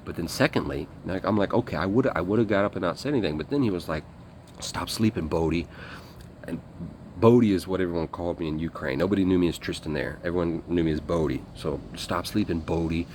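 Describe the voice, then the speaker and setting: A low-pitched, slightly mellow man, talking at a quick pace, recounts his military service as a guest, rambling casually with blunt language, lots of fillers, and swearing. There's a little hiss or hum on the recording.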